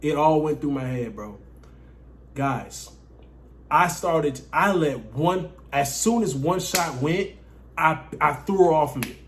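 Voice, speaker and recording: Higher-pitched man telling a profane story. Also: slow, a little hiss or hum. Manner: profane, animated, keeps addressing viewers as guys. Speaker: dating coach vlogger. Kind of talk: casual storytelling.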